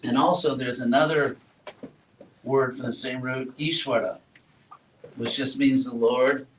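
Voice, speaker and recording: A man giving a relaxed classroom talk, asking his students questions and adding playful asides. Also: mid-range voice, measured pace. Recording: roomy echo, far from mic, faint noise.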